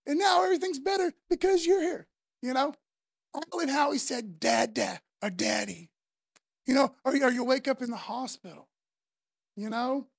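Woman, sermon, husky, dry close sound, emphatic, repeats herself. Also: fairly high pitch, dry recording. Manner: emphatic, repeats phrases, builds to loud passion. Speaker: preacher.

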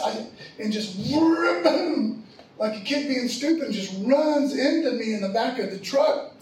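A very high-pitched middle-aged man preaches, his sermon recorded from afar in an echoey space with a bit of background noise. As a pastor, he recounts a personal story loosely and conversationally, leaning on slang.

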